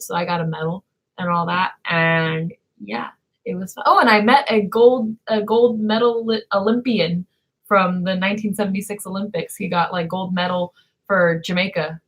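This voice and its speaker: A woman's voice: mid-range voice, fairly bright tone. A young woman from California co-hosting a casual chat, telling a story in a hesitant, rambling way full of "um" and "like.". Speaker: YouTube co-host.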